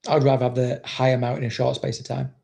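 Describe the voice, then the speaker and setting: Gravelly, blunt, foul-mouthed man. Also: medium pitch, completely flat delivery, fast talker, a little mellow. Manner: blunt, swears constantly, rambling. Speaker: dog trainer. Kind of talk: casual livestream chat, reading viewer comments.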